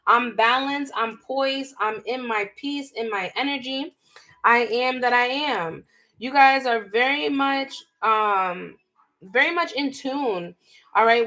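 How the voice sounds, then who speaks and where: A young woman giving a live tarot reading, animated and emphatic, full of slang, talking straight to her viewers. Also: on the high side. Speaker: tarot reader.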